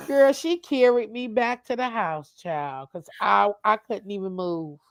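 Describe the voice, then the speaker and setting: A woman telling a lively, profane story in casual chat, calling her listener "child". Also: mid-range voice, a little slow, dry recording. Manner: animated storyteller, swears freely, calls listener "child". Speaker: streamer, co-host. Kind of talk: casual chat while crafting.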